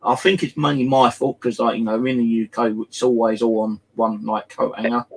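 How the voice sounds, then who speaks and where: A middle-aged Englishman with a gravelly, husky voice tells stories in a loose, chatty way, leaning on "you know" between phrases. His English accent is plain, and his pitch sits in the middle range for a man. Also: moderate pace, poor audio. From England. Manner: animated anecdotes, many "you know" fillers. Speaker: host. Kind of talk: casual storytelling chat.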